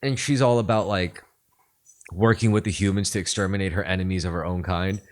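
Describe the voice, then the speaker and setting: A man's voice: sits low, steady tone, brisk. A man hosting a podcast, talking casually and profanely, rambling with lots of fillers. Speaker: podcast host.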